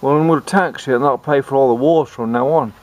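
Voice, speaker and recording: A man's voice: mid-range voice, fairly quick, darkish tone, slight background noise, lightly acted. A man voicing an impatient, imperious old queen in a comic spoken tale. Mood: pleased. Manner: bossy, demanding.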